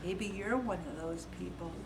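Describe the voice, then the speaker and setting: In a meeting room with an echo, a woman who leads a faith-based support group chats casually with the group. Her voice is lowish and creaky at a normal pace, recorded far from the mic with slight background noise. She's lively and talkative, acting out the voices of people she quotes.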